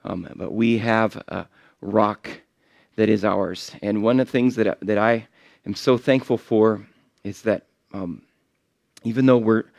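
A middle-aged man, a visiting missionary, giving a sermon in a church in an earnest, halting way with many fillers and restarts. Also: on the low side, steady tone, gravelly, darkish tone, no echo.

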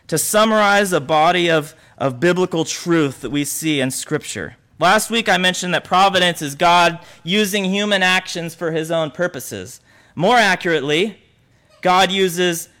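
Male pastor, sermon delivery, high and bright, animated storyteller. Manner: animated, acts out quoted voices.

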